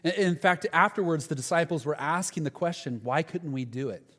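A male pastor delivers a sermon in a relaxed, conversational way, often slipping into the voices of the people in the story. His voice sits a little high for a man. The sound rings out with the long reverb of a big church sanctuary. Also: a little fast. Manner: conversational preaching, acts out Bible dialogue. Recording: long reverb of a large hall.

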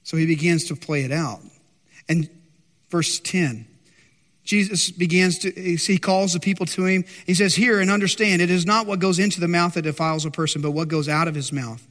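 A man preaching a sermon as pastor, impassioned and animated, acting out worried disciples with a lifted voice. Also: normal speed. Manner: impassioned, acts out anxious disciples in higher voice. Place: church sanctuary. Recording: long hall reverb.

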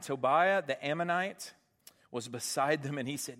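A man's voice: on the high side, moderate pace, fairly bright tone. Man preaching in a reverberant hall. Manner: conversational preaching with fillers, rising to emphatic peaks. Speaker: pastor. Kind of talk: sermon.

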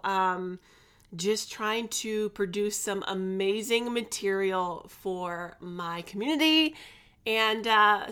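Slow-talking woman podcast host in her forties. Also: mid-range voice, sharp tone. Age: 40s. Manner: chatty, candid and laughing, with sassy asides. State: tired and stressed. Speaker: podcast host and life coach. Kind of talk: casual chat. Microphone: podcast microphone.

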